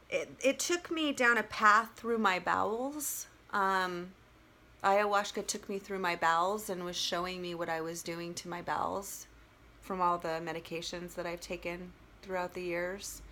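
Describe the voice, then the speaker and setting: A woman vlogger telling a personal story in a casual, animated way, with lots of fillers and free swearing. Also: lowish voice, slight background noise.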